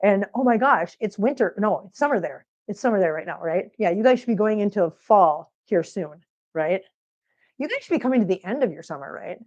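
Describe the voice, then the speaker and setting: A woman's voice: medium pitch, animated, fairly quick, darkish tone. Woman, from Missouri, rambling casual chat, cooing to pets, laptop mic, slightly dull sound. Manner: chatty, rambling, coos baby talk to her cats. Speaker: cat channel host. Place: home. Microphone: laptop microphone.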